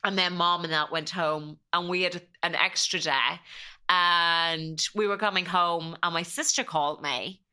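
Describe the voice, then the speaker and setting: A woman's voice: fairly low pitch, fairly even intonation, a little slow, bright, forceful tone, clean tone. A young woman, a podcast guest, telling a personal story in a chatty way, often quoting herself and her family.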